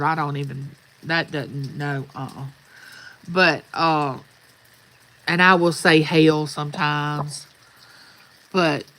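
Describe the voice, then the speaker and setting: A woman's voice: low voice, a bit bright, rough recording. An older woman, telling folksy stories in a rambling, casual chat outdoors. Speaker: vlogger. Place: outdoors at sunrise.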